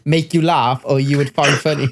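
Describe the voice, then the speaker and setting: A man's voice: fairly high pitch, steady tone, moderate pace, creaky. A man co-hosting a casual gaming podcast, teasing dryly and laughing a lot. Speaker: podcast co-host and editor. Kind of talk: casual banter among friends. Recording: noisy mic with clicks.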